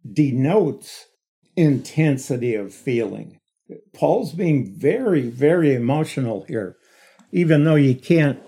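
Slow, lively-pitched male Bible teacher. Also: slightly rough. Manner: explanatory, emphatic, repeats key words. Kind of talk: Bible study lecture.

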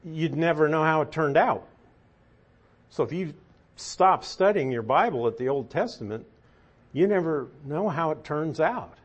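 Middle-aged male Bible teacher, husky, slow and deliberate, emphatic, quizzes the class. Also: a little high, animated. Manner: unhurried, emphatic, asks the class questions. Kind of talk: Bible study lesson.

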